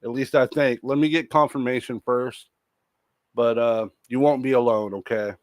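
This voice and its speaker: A man's voice: medium pitch, fairly even intonation, moderate pace, no room sound. A man with a stuffy voice from allergies who heckles and mocks sarcastically, swearing often. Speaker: streamer commenting on a livestream. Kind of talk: crude mocking live commentary.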